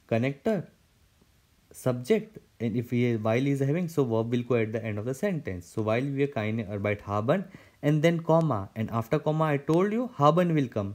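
A man's voice: mid-range voice, lively intonation, moderate pace, darkish tone. A man teaching a German grammar lesson, explaining step by step with frequent repetitions and restarts.

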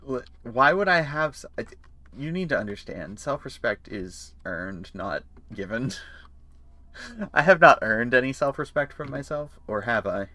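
A male streamer chats his way through a horror game, playful and self-mocking, with a bright, forceful tone. The sound is dry and close, and he swears freely between jokes. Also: medium pitch, expressive, a little slow, no room sound. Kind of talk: casual game commentary.

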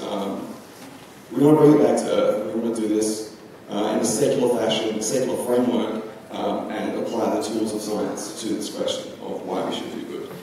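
A man's voice: on the low side, warm tone, a little hiss or hum. A young man giving a philosophy talk at a conference, loose and chatty with frequent ums. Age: young adult. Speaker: conference speaker. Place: large lecture hall. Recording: echoey hall from far off.

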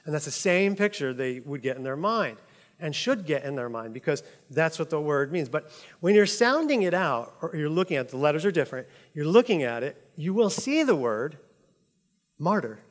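A man preaches in a relaxed, conversational way, often laughing and checking in with his listeners. His voice sits a little high for a man. The sound carries the long reverb of a large hall. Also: brisk. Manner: chatty, laughs often, says "like" and "right?" a lot. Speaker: pastor. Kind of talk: casual conversational sermon.

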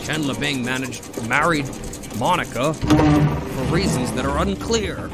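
Dude doing a sarcastic nervous american sitcom guy, kinda high, game music loud. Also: measured pace, natural voice. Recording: game music playing behind.

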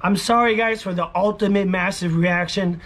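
A man who vlogs about scratching lottery tickets, talking casually to his viewers and yelling catchphrases. His voice sounds hoarse from shouting, and he sounds close to a camera set on a table indoors. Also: high voice, fairly even intonation, moderate pace.

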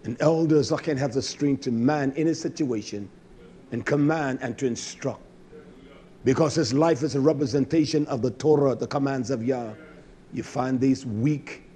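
A man preaching a fiery sermon, swinging between low muttering asides and shouted, high-pitched exhortations, cursing bluntly. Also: normal speed.

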